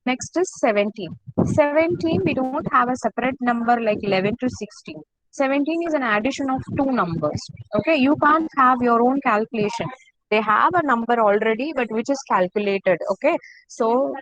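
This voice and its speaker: A woman teaching an online class, slowly repeating each word for her students. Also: on the high side, a bit bright, rough recording. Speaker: French teacher.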